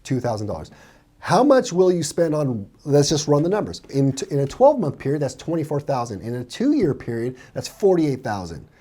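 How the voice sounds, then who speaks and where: A man with a warm, mellow voice that swings up and down a lot as he talks, running through numbers and sales tactics in lively commentary. He often slips into quick impressions of clients. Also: breathy edge. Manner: animated, acts out buyers' lines in a higher voice. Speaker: real estate coach reacting to a sales call. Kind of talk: commentary on a played clip.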